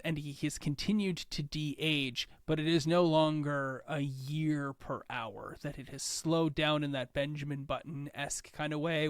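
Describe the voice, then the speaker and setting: A man's voice: a little high, dry recording, studio quality. A man running a tabletop game as game master, narrating scenes in a chatty, rambling way.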